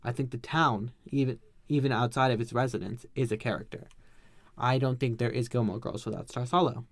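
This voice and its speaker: A man's voice: medium pitch, steady tone, a little fast, dry recording. A man hosting a podcast, recapping an episode in a chatty, slangy, ranting way. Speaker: podcast host.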